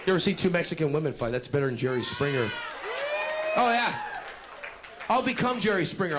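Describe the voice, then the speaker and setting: Animated stand-up comic over a roaring crowd. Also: male voice, fairly high pitch, brisk, long pauses, very noisy. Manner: animated, acts out voices. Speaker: stand-up comedian. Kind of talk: stand-up comedy bit. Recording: live club with loud crowd.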